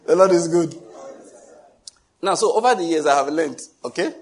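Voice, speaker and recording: A man's voice: fairly high pitch, measured pace, long pauses, a little hiss or hum. A middle-aged male pastor preaching a sermon, telling stories with a jovial, teasing manner and frequent chuckles. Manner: teasing, animated asides.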